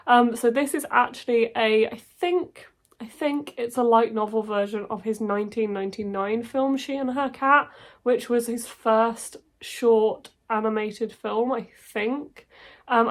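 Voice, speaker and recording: A woman in her twenties with a stuffy, congested voice from a cold, chatting casually and excitedly about books she wants to read. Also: fairly high pitch, normal speed. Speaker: book YouTuber. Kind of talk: casual book chat to camera.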